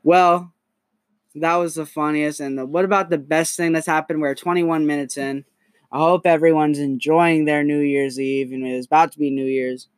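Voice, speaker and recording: A young man hosting a podcast in a casual, crude, animated storytelling manner. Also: a little high, moderate pace, clear, resonant tone, no room sound. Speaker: podcast host.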